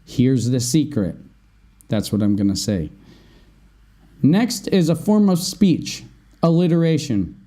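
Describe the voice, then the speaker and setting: Slow, mellow-voiced male English teacher. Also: fairly high pitch. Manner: explains slowly, often asks "right?". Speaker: English teacher, podcast host. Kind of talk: vocabulary lesson.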